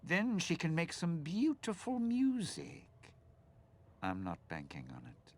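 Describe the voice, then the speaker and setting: A man's voice: huge pitch swings, takes it slowly, full character voice. An actor voicing a bitter, scheming older man in a video game, speaking in a menacing drawl. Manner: low gravelly menacing drawl.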